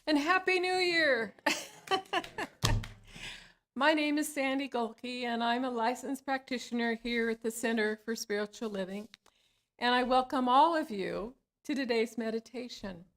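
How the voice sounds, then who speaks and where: Woman guiding a calm meditation. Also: a little high. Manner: slow, soothing guiding cadence. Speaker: licensed spiritual practitioner. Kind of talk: guided meditation. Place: church hall.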